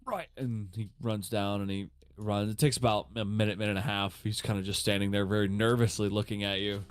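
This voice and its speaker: Man, game master, low voice, dry close sound, casual narration. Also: fairly even intonation, clean tone, dry recording. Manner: casual, halting with fillers.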